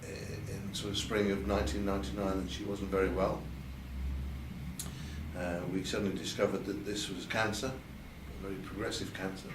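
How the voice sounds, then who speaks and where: An older man with a low, level voice recalls his past at a moderate pace in a candid interview, hesitating, repeating words, and lifting his voice to quote others. He's at an event venue, caught by a distant mic that gives a roomy sound with faint ambience and a noisy background.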